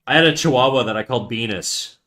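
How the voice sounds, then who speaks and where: Young male streamer, casual and relaxed, mid-pitched, talks to chat while drawing. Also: fast. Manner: relaxed, answers chat, trails off quietly while concentrating.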